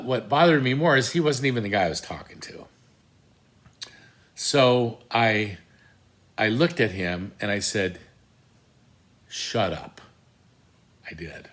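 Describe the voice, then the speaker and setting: Older man, lowish voice, relaxed storyteller, dry self-mocking humor, lots of ums and restarts. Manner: wry, self-deprecating, many fillers and restarts. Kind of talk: casual anecdote.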